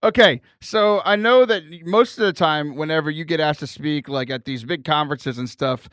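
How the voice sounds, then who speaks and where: A man hosting a podcast with casual, teasing banter and deadpan jokes. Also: on the high side, moderate pace, dry recording. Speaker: podcast host.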